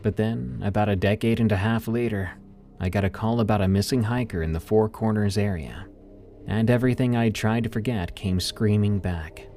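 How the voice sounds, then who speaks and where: A man reading a first-person horror story in a measured, ominous way. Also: fairly low pitch, dark tone, soft background music.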